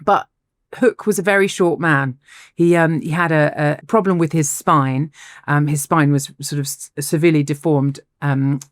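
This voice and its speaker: A woman with a low voice co-hosts a podcast and tells a story in a relaxed, chatty way. She is animated, laughs often and restarts her phrases. The recording is dry and close. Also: moderate pace, no echo. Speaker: podcast co-host. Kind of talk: casual storytelling chat.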